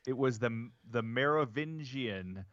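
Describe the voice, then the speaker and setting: A man's voice: medium pitch, expressive, measured pace, a bit bright, no room sound, lo-fi sound. A man co-hosting a podcast and running a quiz game, in playful, joking banter. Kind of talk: casual live-stream banter.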